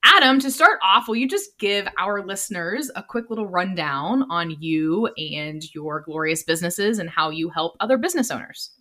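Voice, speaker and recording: A woman hosting an interview podcast, enthusiastic and quick with short reactions. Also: on the low side, animated, bright, forceful tone. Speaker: podcast host. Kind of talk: casual interview.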